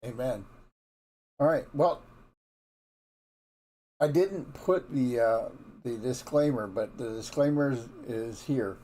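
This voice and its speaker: Taking his time with long pauses, a man gives a laid-back morning Bible devotion at an everyday middle pitch, with slight background noise. He's folksy and honest, more chatty than sermonizing, often circling back to restart sentences as he thinks aloud.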